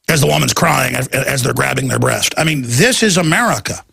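A man's voice: medium pitch, brisk, vocal fry, few pauses, sharp tone, breathy edge. A man hosting a talk show, ranting in a rambling monologue with stammered repeats.

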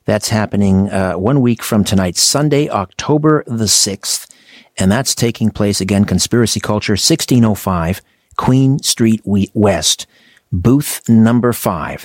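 A man hosting a radio talk show, reading announcements in a measured way. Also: lowish voice, a little mellow, dry recording, studio quality.

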